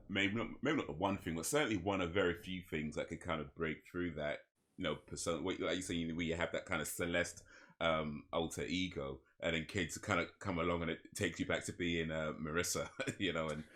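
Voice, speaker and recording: A man's voice: low-pitched, fairly quick, a bit bright. A man hosting an interview over a video call, talking casually and hesitantly with lots of ums and restarts. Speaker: podcast host.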